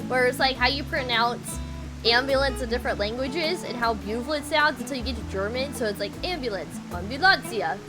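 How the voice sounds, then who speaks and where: A woman's voice: on the high side, a little fast, loud music behind the voice. A woman with a Texan accent, chatting playfully and giggling as she streams a game. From Texas. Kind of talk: casual live-stream chat while gaming.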